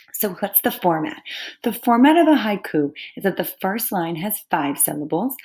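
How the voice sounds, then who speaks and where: A woman teaching a recorded lesson to third graders, patient and clear, sounding out words carefully. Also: fairly low pitch, darkish tone.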